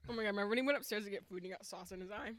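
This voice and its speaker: A woman in a casual podcast chat, chiming in with eager quick remarks. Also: mid-range voice.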